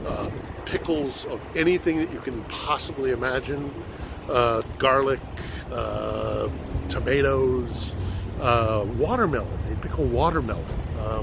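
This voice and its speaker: Middle-aged man vlogging on a noisy street. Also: medium pitch. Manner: reflective, conversational, thinking aloud. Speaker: vlogger and reporter. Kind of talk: walking vlog narration. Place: outdoors on city streets and in a market. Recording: noisy outdoor street ambience. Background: city traffic and street noise.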